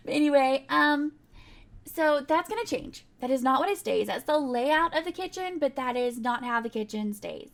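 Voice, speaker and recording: Young gal rambling thru a game build voiceover, pretty high voice, lots of ums. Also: female voice, very animated, moderate pace, vocal fry. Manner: chatty and rambling, with frequent laughs and fillers. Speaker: game builder narrating a speedbuild. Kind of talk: casual voiceover chat.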